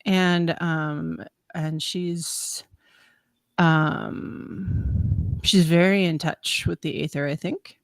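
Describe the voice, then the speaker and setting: Animated storytelling woman, dry close sound. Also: lowish voice, very slow, clear, resonant tone, no echo. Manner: animated, laughing storyteller who acts out quotes. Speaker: podcast co-host. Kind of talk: casual chat, storytelling.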